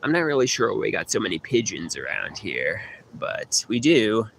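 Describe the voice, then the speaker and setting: Man, poolside phone livestream, rambling chat, lively up-and-down voice, mock New York accent. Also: lowish voice, moderate pace, creaky, slight background noise. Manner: rambling, hums and sings snippets. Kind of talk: casual livestream chat answering comments. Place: by an outdoor swimming pool. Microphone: phone camera.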